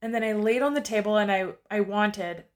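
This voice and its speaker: A woman's voice: mid-range voice, brisk. A woman in her forties telling her own story in a candid, confessional monologue with casual fillers.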